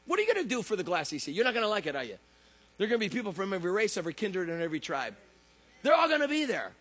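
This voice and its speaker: A man preaching a lively, joking sermon who acts out voices in his stories. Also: sits high, rapid-fire, slightly rough. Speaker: pastor. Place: church service.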